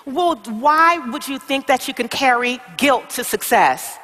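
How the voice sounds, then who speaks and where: A woman's voice: high-pitched, pushed and bright, in a large hall, exaggerated voice. A woman playing an airline check-in agent who exclaims and coaxes with preachy encouragement in a motivational comedy skit. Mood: encouraging.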